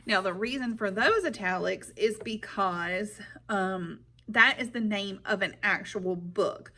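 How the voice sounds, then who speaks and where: A woman teacher reading a chapter aloud to her pupils, then explaining it in a clear, patient way and checking in with them often. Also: mid-range voice, measured pace, pushed and bright.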